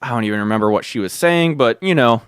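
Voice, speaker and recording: A man hosting a podcast, telling a story in a casual, excitable way, swearing and calling the listener "dude" again and again. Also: medium pitch, fast talker, clean tone, no echo, studio quality. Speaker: podcast host.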